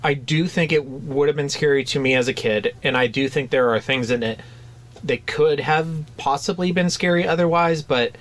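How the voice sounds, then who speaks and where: A man in casual chat as a podcast co-host, his voice sitting in an ordinary middle pitch. He talks conversationally, stopping and restarting his sentences often, with plenty of fillers. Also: normal speed, fairly bright tone.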